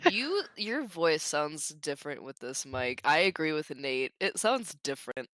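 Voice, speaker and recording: A woman's voice: deep voice, big pitch swings, measured pace, a bit bright. A woman with a sinus cold, chatting and teasing friends, often laughing and exasperated. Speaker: tabletop game player. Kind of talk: casual pre-game chat.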